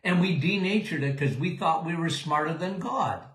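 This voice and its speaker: A man's voice: a little high, normal speed, a bit bright, echoey room. An older man hosting a live Q&A show as a doctor answering listener questions, folksy and emphatic, often checking in with "okay?".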